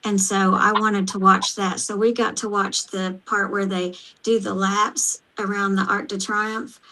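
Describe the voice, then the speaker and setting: A woman with an Oklahoma accent, hosting a casual chat and talking haltingly with many pauses and fillers. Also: mid-range voice, little pitch movement, bright, forceful tone, poor audio. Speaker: host.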